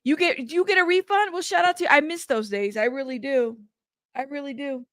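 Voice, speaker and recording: Uma mulher apresentando uma live casual, conversando com o chat de forma tagarela, recomeçando frases, cansada e frustrada. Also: female voice, sits high, a little fast, fairly bright tone, dry recording, studio quality. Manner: chatty, greets chat by name, rambling restarts. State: tired and frustrated. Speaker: livestream host.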